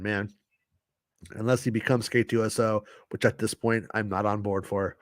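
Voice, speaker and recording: A man hosting a casual livestream, reading from an article and reacting with loose, swearing commentary, slightly ill and clearing his throat. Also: lowish voice, fairly even intonation, slow, long pauses, dry recording, studio quality. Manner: chatty, reads quotes then reacts with swearing and laughs. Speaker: host reading an interview article.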